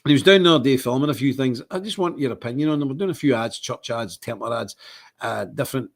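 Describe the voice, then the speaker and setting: A Scottish man hosting a live stream, talking in a rambling, indignant way with big swings in pitch. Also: quick pace. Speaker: livestream host. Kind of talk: casual live-stream monologue.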